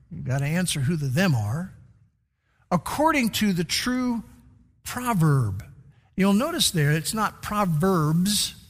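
A man's voice: fairly high pitch, a bit bright, in a large hall. A man preaching a sermon as pastor, teaching and repeating key words for emphasis.

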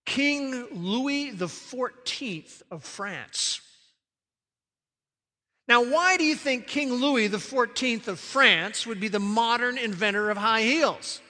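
Male pastor, emphatic sermon delivery, bright ringing tone, long hall reverb. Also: extremely high pitch, slow pace. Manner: emphatic, varies pace, engages congregation with questions. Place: church sanctuary.

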